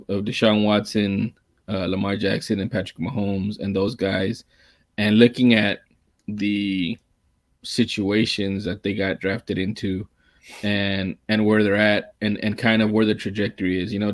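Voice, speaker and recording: A low-voiced man talks football in a loose, rambling way, circling back and restarting his sentences. His delivery is fairly flat and monotone. The sound is dry and close, with no room echo. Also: normal speed. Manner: rambling, restarts often, calls himself monotone. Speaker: podcast co-host. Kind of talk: casual sports talk.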